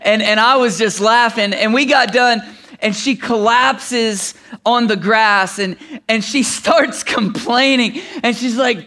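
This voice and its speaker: A man's voice: very high-pitched, slow, sharp tone. A middle-aged man preaching, telling a personal story that builds to emphatic preaching. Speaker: pastor. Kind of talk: sermon.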